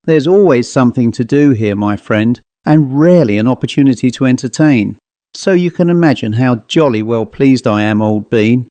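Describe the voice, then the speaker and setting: A man voicing a jovial, blustering upper-class gentleman in his sixties in a ghost story reading. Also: medium pitch, moderate pace, no room sound, close to an everyday voice. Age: 60s.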